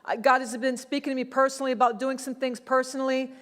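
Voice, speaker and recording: A middle-aged woman pastor preaching a sermon, telling a personal testimony in a conversational, animated way. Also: high voice, fast. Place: church sanctuary. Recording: long church hall reverb.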